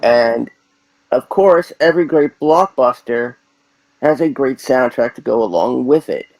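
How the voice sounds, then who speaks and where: A man co-hosting, setting up a hypothetical question in a slow, deliberate way. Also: medium pitch, lively intonation, a little mellow, no room sound, low-quality recording. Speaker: co-host asking questions. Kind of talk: interview question.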